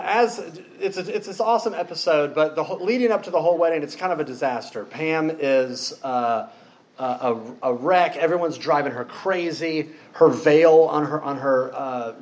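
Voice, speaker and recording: A man's voice: mid-range voice, slight background noise, rough recording. Casual, joking preacher man. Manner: informal and storytelling, with frequent fillers and joking asides. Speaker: pastor. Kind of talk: conversational sermon.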